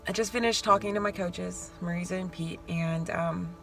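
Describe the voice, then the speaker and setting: A woman's voice: fairly low pitch, fairly even intonation, normal speed, creaky, fairly bright tone, low-quality recording. A woman competing in bodybuilding, talking casually to camera in a chatty, openly emotional way. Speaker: bodybuilding competitor vlogging her show day. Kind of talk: casual vlog talk to camera. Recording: background music and crowd chatter.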